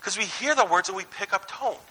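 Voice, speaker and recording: A man in his thirties preaches in a relaxed, story-driven way, shifting between animated asides and quiet emphasis. His voice sits high for a man and rings very bright and forward. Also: a little fast, slightly rough, poor audio. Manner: conversational, anecdotal, swings between lively and hushed. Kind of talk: sermon.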